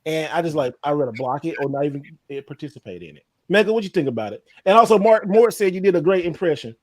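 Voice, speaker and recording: A man hosting a casual gaming podcast, animated and laughing often as he reads out viewer comments. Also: on the high side, fast talker, no echo. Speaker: podcast host. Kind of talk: casual chat.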